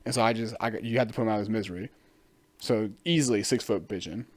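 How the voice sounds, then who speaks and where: A man's voice: fairly low pitch, fast, dry recording. A man hosting a casual solo podcast, rambling, swearing freely and laughing often. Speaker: podcast host.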